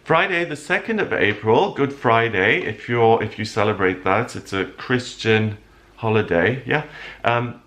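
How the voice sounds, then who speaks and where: A man's voice: medium pitch, lively intonation, measured pace, fairly bright tone. A man hosting a weekly horoscope show, talking earnestly and at times emotionally about the week's astrology. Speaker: astrologer host.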